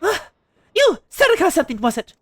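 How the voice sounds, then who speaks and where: A woman's voice: extremely high pitch, big pitch swings, fairly quick, pitched above the performer's own voice. A woman voicing a boisterous middle-aged mother with a frying pan, in a put-on accent, reading game lines aloud. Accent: put-on British-style accent.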